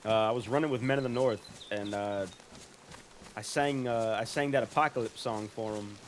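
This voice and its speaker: A man live-streams a game and rambles along in relaxed, profane chat. His voice sits at an ordinary middle pitch, with a faint hiss underneath. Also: moderate pace. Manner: rambling, swearing, laughing.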